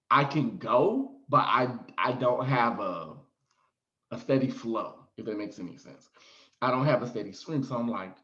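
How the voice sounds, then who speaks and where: A man's voice: medium pitch, bright, forceful tone, dull audio. A man telling a frank personal story to his viewers in a casual, theatrical way, acting out his own reactions. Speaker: storyteller vlogger.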